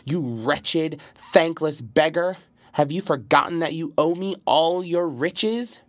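The voice is a sly and clever fox, as a man puts him on in a storybook reading, urgent and scheming. He sits at a middling pitch, and the sound is close and dry. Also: expressive, measured pace, dry recording. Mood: indignant.

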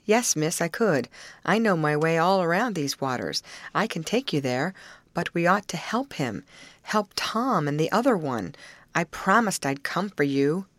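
Woman doing a halting simple-minded young man. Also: deep voice, expressive, no room sound. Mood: earnest. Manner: slow, hesitant, uneducated grammar.

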